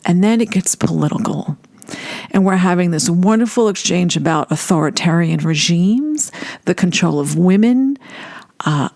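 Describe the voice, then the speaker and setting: A woman telling a personal story in an animated way, laughing often as she recalls a first meeting. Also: fairly low pitch, no echo, studio quality.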